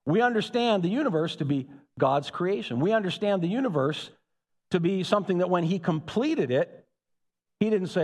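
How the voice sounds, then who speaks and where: Animated preaching man in a reverberant hall. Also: high voice, moderate pace. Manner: animated preaching with rising emphatic peaks. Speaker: pastor. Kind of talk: sermon.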